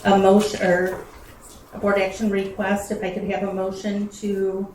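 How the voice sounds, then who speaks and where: A woman's voice: medium pitch, completely flat delivery, moderate pace, a little mellow, a little hiss or hum. A woman chairs a school board meeting, calling speakers and motions in a matter-of-fact way. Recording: echoey room from a distance.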